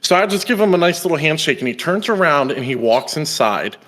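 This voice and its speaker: Casting: young male podcast host, lively storyteller, slightly higher voice. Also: brisk, a little hiss or hum. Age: young adult. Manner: animated storyteller, acts out quoted voices. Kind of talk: casual storytelling.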